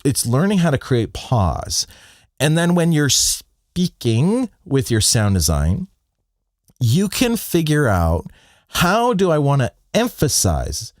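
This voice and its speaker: A young adult man explains sound design in a livestream lesson, his pitch rising and falling with lively movement. He leans on deliberate pauses for emphasis. His voice is close and dry, with no room around it. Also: no echo. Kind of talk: livestream teaching.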